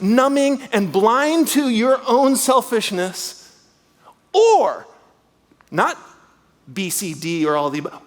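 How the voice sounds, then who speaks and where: A middle-aged man preaching a sermon as a guest speaker, animated, swinging between loud lines and hushed asides. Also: sits high, in a large hall. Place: church.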